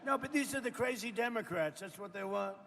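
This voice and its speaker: Older man in his seventies with a rather high voice and a gravelly edge, speaking off the cuff and rambling. His talk is boastful and repetitive, full of asides to the audience. The sound rings with the long reverb of a hall. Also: lively intonation, fairly quick, fairly bright tone. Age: 70s. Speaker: politician speaking at a roundtable. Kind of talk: off-the-cuff public speech. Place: event room with people around a table.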